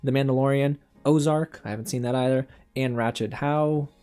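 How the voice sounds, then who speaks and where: A young man talks straight to his viewers in a casual reaction commentary. He is animated and exasperated by turns, with an ordinary mid-range voice. Soft music plays faintly underneath. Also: medium pitch, fairly quick. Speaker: film critic and channel host.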